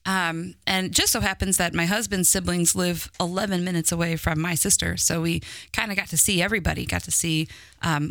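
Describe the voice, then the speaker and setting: A woman's voice: on the low side, a bit bright, no echo. Chatty mother recounting her weekend. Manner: chatty, laughing storyteller. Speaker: parent guest. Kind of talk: casual chat.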